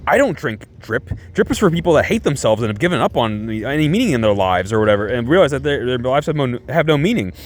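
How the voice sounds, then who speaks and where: A deadpan goth teenage girl, as a man puts her on, cold and mean. She talks flat and dry in a plain, middling voice. It is a quick impression within a casual retelling. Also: medium pitch, natural voice. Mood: scornful.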